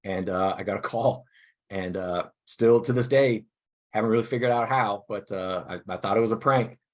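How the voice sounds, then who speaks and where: A man presenting a teacher workshop over a video call, upbeat and self-deprecating, talking casually in halting starts from his desk. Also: lowish voice. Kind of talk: casual online workshop talk. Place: indoors at a desk.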